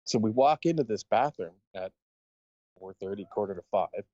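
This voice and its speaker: A man's voice: fairly low pitch, lively intonation, normal speed, mellow, no echo, lo-fi sound. A man, a podcast co-host, telling a long, rambling story in casual chat and laughing as he goes. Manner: rambling anecdote, laughing often.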